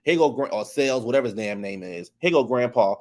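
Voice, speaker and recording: Sassy chatty man recapping reality TV. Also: quick pace. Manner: sassy, chatty, animated quotes in high voices. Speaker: reality show recap host. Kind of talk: casual recap commentary.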